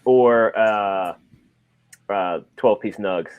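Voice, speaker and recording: A man's voice: on the low side, very slow, smooth, narrow, tinny audio. Rambling jokey man on a stream. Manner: rambling, restarts, jokey asides. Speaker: stream co-host. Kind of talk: casual chat.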